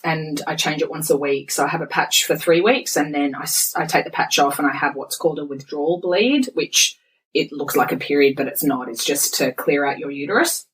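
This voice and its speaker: A woman in her forties, a podcast guest speaking frankly and telling stories in an animated way. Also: sits low, fairly quick, poor audio. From Australia. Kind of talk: candid podcast conversation.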